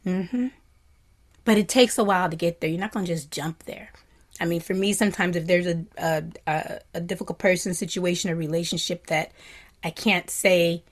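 A woman meditation teacher giving a dharma talk in a gentle, reflective way. She often drops to a soft whisper and has animated bursts of delight. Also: lowish voice, normal speed.

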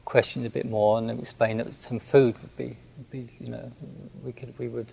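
A man who is a Buddhist monk, recounting a personal story in a gentle, hesitant way with many restarts. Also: medium pitch, level tone, normal speed, vocal fry, slightly rough, rough recording.

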